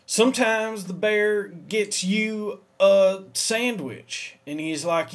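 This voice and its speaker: A man telling a rambling comic monologue in a deadpan way, acting out both sides with sudden shouts. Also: high-pitched, takes it slowly, hardly any pauses. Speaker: comedic monologue performer.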